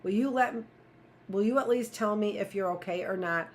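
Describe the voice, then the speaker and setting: A woman's voice: medium pitch, brisk, a little hiss or hum, voice pushed up, lightly acted. A woman reading aloud, voicing a shy, nerdy teenage boy who speaks timidly and hesitantly.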